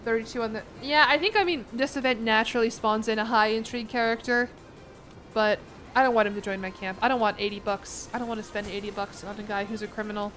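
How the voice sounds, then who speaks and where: A woman streaming a game, chatting casually in a rambling, jokey way full of quick asides. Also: on the high side, fairly even intonation, fairly bright tone, soft background music. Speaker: VTuber streamer. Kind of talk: casual livestream commentary while gaming.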